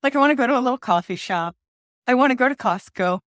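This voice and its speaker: A woman, a guest author chatting in an interview, excitable and quick to laugh. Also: fairly high pitch, no room sound, studio quality. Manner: bubbly, laughs often, excitable. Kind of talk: casual interview chat.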